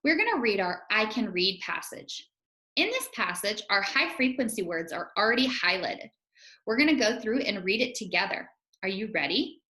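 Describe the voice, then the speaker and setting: A woman teacher leads young children through a phonics lesson, her voice bright and clear. She speaks slowly and encouragingly, sounding out each letter. The recording carries a roomy echo. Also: mid-range voice, big pitch swings.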